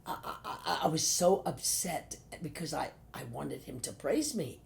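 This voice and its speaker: An older actress, a guest on a chat show, telling stage anecdotes in a lively way and acting out what people said. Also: female voice, sits low, a little slow, vocal fry. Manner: lively anecdotal storyteller, acts out quotes. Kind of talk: storytelling chat.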